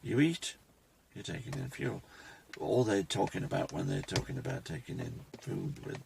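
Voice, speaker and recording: A man, talking reflectively to his phone camera in a rambling personal vlog, pausing and restarting often. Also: deep voice, lively intonation, vocal fry, noisy background. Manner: reflective, halting, with many restarts. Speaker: vlogger.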